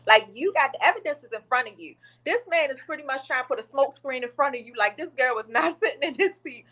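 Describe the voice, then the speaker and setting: A woman's voice: sits high, quick pace, poor audio. A woman podcast co-host, casually retelling a video she saw and acting out what people said. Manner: chatty and animated storytelling, acts out quotes.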